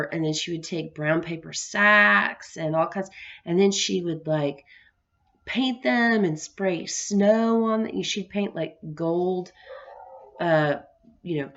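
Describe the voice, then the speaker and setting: A young adult woman tells a story in a loose, chatty way, stopping and restarting her sentences and laughing along the way. Her voice sits a little low for a woman. The recording sounds dull and lo-fi. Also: a bit bright. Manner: rambling, many restarts, laughs often. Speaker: vlogger. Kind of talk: casual storytelling vlog.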